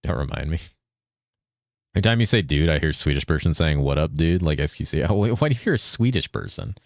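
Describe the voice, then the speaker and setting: A man's voice: rumbling low, lively intonation, fast, vocal fry, dry recording, studio quality. A man from California streaming a game, chatting casually with viewers, reading chat aloud, swearing and saying dude all the time. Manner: laid-back, swears often, says dude constantly, reads chat aloud.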